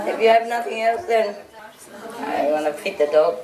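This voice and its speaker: A woman's voice: mid-range voice, unhurried, crowd noise. A woman spiritual teacher giving an informal, teasing talk to a group of followers, laughing often. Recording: roomy hall, voice from a distant mic. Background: audience laughing.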